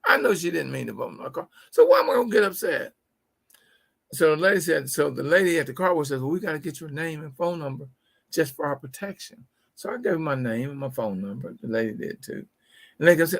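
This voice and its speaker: A middle-aged man with a gravelly, fairly high voice hosts a motivational business talk. He speaks in a folksy, preachy way and drives his points home by repeating key phrases. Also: very animated, brisk, fairly bright tone. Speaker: host.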